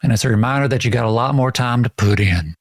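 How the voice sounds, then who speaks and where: A man voicing a wise, grizzled older cowboy with a slightly Southern accent, slow and matter-of-fact. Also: no room sound, clean studio sound, lightly acted. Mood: reassuring. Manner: slow, deep, folksy drawl.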